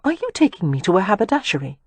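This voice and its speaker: A woman's voice: medium pitch, sing-song, fast talker, no echo. A woman reading a prim, skeptical young lady. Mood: flustered. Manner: prim, questioning, guarded.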